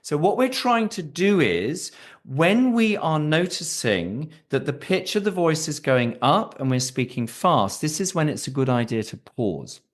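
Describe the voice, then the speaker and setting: A man with a British accent, a voice coach explaining his methods in an expressive, coaching way during a podcast interview. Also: a little slow. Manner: expressive, coaching tone with lively pitch. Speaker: executive voice coach.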